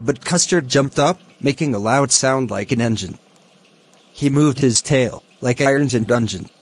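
A man teaching a poem, explaining its lines and word meanings slowly and deliberately. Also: medium pitch, breathy edge. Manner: slow, deliberate, glossing words one by one. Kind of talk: educational explanation.

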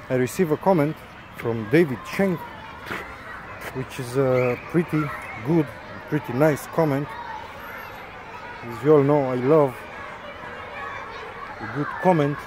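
A man's voice: a little high, noisy background. A man, an English speaker ranting in a mocking, sarcastic vlog and swearing often. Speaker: vlogger.

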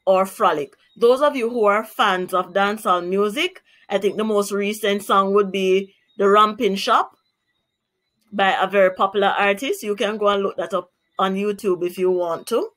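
A woman teacher with a Jamaican accent who reads a children's story aloud and then explains words clearly and carefully. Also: medium pitch, fairly even intonation, normal speed, fairly bright tone. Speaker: primary school teacher. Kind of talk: children's read-aloud and vocabulary lesson.

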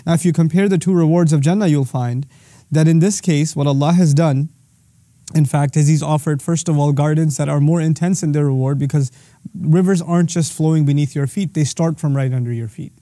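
A man's voice: fairly high pitch, brisk, dark tone, dry recording, studio quality. A man teaching a religious lesson, quoting verses in Arabic and then explaining them patiently. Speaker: Islamic teacher.

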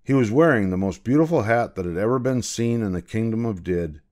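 An older man reads a picture book aloud, as a grandfather would for children. His voice sits a little low, and his narration is gentle and measured. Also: lively intonation. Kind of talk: storybook read-aloud.

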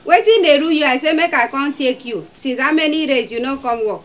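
A high-voiced Nigerian woman acts in a comedy film. She pleads and fusses at a co-worker. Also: expressive, fairly quick. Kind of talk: Nollywood comedy acting in Pidgin.

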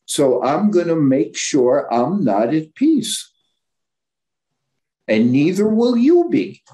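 A man's voice: fairly high pitch, big pitch swings, takes it slowly, dark tone. A man who is a psychologist, giving a candid, blunt informal lecture with frequent stumbles and self-corrections. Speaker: psychologist and guest speaker.

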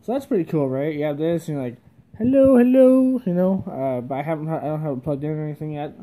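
A young man with a slightly high voice talks through a microphone test in a casual, meandering way. He fills his speech with fillers and small nervous laughs, speaking at home into a cheap karaoke mic plugged into his phone. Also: very fast, warm tone. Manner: rambling and self-conscious, with frequent fillers and small laughs. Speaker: vlogger. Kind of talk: casual vlog, testing a microphone. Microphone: cheap karaoke microphone plugged into a cell phone.

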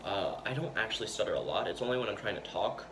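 A man's voice: on the low side, lively intonation, quick pace. A man vlogging in a loose, rambling way, stuttering and repeating words, with plenty of fillers and restarts. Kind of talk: casual rambling talk to camera. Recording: noisy background hiss.

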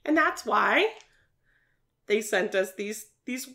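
Lively high-voiced preschool teacher. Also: female voice, takes it slowly, pauses often. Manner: animated sing-song teacher talk full of questions to young children. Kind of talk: virtual preschool science lesson.

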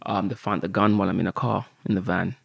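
A husky-voiced man tells a story on a podcast, lively and full of swearing. The sound is dry and close, with no room around it. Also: low voice, quick pace, dry recording. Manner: animated, swears often, acts out quotes. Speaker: podcast guest.

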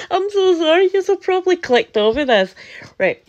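A woman with a Scottish accent chatting to camera as a vlogger, laughing often and breaking into incredulous asides. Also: very high-pitched. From Scotland. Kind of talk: casual chat to camera.

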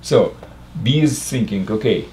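An older man teaching math, working slowly through a logic puzzle aloud with frequent restarts. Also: fairly low pitch, darkish tone, slight background noise. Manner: halting, restarts and fillers while reasoning aloud. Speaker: math lecturer.

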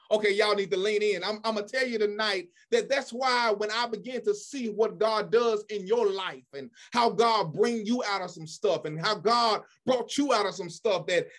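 A man's voice: high voice, fairly bright tone. A man preaching an impassioned sermon, emphatic and often asking the congregation if they follow him. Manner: emphatic, call-and-response questions to the crowd.

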